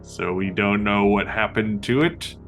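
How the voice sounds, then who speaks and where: A man's voice: fairly low pitch, unhurried, a bit bright, soft background music. A man playing a tabletop survival game with a friend, telling his character's days in a loose, swearing, laughing way. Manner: laughs often, swears, trails off and repeats himself. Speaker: player and podcast host. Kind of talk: casual tabletop game play with in-character journaling.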